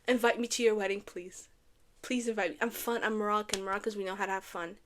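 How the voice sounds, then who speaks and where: A young woman from Canada recapping a reality dating show in a casual, animated way, gushing and repeating lines for effect. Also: medium pitch, quick pace, slight background noise.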